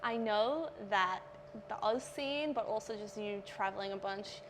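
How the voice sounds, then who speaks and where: A woman's voice: mid-range voice, a little slow, noisy background. Playful woman hosting. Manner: playful, swears casually. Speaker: host. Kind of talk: casual chat.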